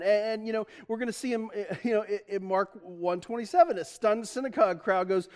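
A man's voice: sits high, brisk, few pauses, darkish tone. A man preaching a sermon as pastor, chatty and self-deprecating, laughing often and restarting his sentences.

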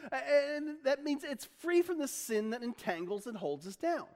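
A man's voice: extremely high pitch, normal speed. A man preaching a casual, conversational sermon, chuckling often and wandering into folksy asides. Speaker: pastor.

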